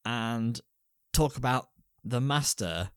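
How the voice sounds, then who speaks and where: A man's voice: mid-range voice, expressive, slow pace, smooth. Jokey man co-hosting a podcast. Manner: jokey, crude banter with rambling asides. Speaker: podcast co-host. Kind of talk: casual film review chat.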